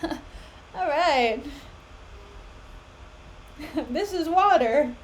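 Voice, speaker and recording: A young woman chats casually on a stream while reading a play aloud. Her voice sits high, and she talks in an animated way with frequent laughs. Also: extremely slow, a little hiss or hum, low-quality recording. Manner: animated, laughs often, chatty asides. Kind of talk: casual chat.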